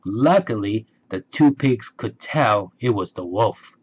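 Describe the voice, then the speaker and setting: A man reading a children's storybook aloud, slow and expressive. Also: lowish voice, slightly rough. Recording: dull lo-fi recording.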